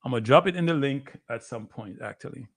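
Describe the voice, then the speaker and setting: A man with a Jamaican accent hosting a live sports watchalong, excitedly calling the races and chatting to his viewers. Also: medium pitch, quick pace. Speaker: livestream host.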